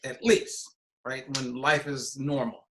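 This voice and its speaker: A male podcast host in casual chat, telling a lively anecdote. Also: mid-range voice, slow pace, a little hiss or hum. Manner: animated anecdote teller.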